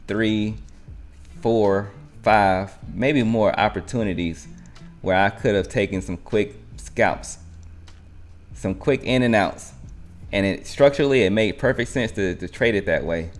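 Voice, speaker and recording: A man hosting a live trading stream, narrating market moves in a rambling, think-aloud way. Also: fairly low pitch.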